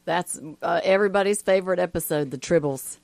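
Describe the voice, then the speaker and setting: A woman's voice: lowish voice, a little fast, vocal fry, a little mellow, no room sound. A woman co-hosting a casual radio chat, chatty and opinionated. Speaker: radio co-host.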